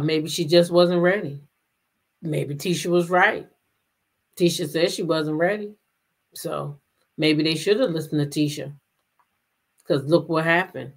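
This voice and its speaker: A woman hosting a casual commentary show, talking emphatically, repeating her points and firing off rhetorical questions. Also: on the low side. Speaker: commentary host.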